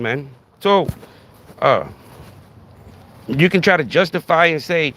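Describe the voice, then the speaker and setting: A man's voice: a little high, normal speed, pauses often, fairly bright tone, a little hiss or hum. A man hosting a podcast in a casual monologue, talking emphatically, repeating himself and asking "right?" again and again. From Texas. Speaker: podcast host.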